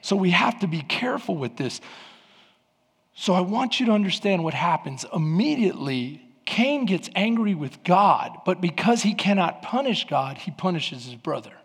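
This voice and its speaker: Male pastor, fervent sermon delivery, raspy edge, high register. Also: big pitch swings, normal speed. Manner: fervent, emphatic preaching. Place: church sanctuary. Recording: long hall reverb.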